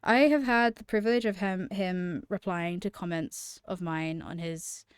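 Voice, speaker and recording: A woman's voice: lowish voice, fairly even intonation, unhurried, clean tone, no room sound, studio quality. A young woman chatting casually to camera as a vlogger, gushing about favourite channels, laughing often and swearing freely.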